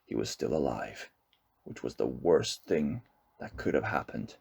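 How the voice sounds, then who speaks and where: A man narrating a novel aloud with slow, expressive storytelling. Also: rumbling low, vocal fry, husky, lo-fi sound. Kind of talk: audiobook reading.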